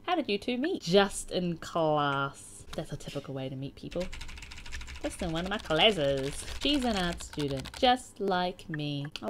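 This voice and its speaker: A woman's voice: fairly low pitch, a little hiss or hum. Chatty young woman commenting on gameplay. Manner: chatty and playful, reacting with sighs and laughs. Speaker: gaming YouTuber. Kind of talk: casual gameplay commentary, reading chat messages aloud.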